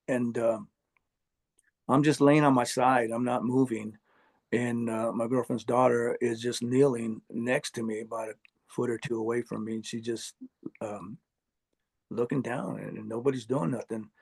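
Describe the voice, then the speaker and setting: A man earnestly recounting a personal experience, halting often with fillers and restarts. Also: medium pitch, steady tone, gravelly, a little mellow, breathy edge. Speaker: near-death experience storyteller. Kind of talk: personal testimony interview.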